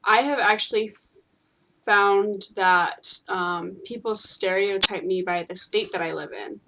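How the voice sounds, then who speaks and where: A woman's voice: mid-range voice, fairly even intonation, measured pace, very noisy. A woman hosting a gaming video, chatting casually and laughing often as she plays. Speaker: gaming channel host. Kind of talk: casual chat while playing a game.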